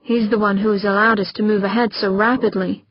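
A woman's voice: medium pitch, fairly even intonation, brisk, no room sound, lightly acted. Brief: keen, promotional male project leader, voiced lightly by a woman reader, dry, slightly muffled audio. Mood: eager.

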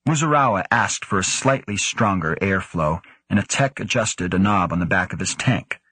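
Male audiobook reader, low and husky, steady pacing, dry booth sound. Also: moderate pace, no echo. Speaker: audiobook narrator. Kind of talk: scripted narration.

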